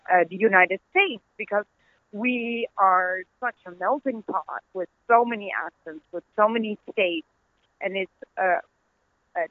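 A woman's voice: mid-range voice, no echo. A middle-aged woman with a Dutch accent, an author telling stories earnestly as an interview guest, laughing easily. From Netherlands. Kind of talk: conversational interview. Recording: tinny phone-line audio.

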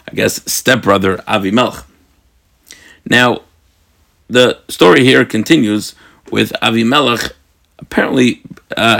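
A man's voice: medium pitch, vocal fry, a bit bright. A man teaching a daily Bible study lesson, reading verses aloud and then explaining them in plain words, often thinking aloud and correcting himself.

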